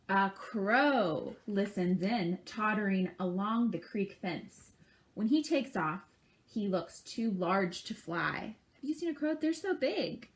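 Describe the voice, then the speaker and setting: Slow, lively storytime librarian woman. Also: medium pitch. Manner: playful, imitates bird calls with the kids. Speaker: children's librarian. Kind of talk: reading a picture book aloud to children. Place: library program.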